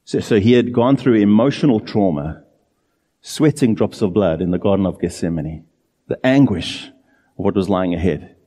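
A man preaching a sermon in an earnest, emphatic way, drawing out key phrases slowly. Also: low-pitched, warm tone, husky, in a large hall.

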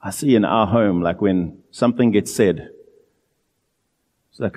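A man preaching a sermon in an earnest, emphatic way, drawing out key phrases slowly. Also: on the low side, a little mellow, in a large hall.

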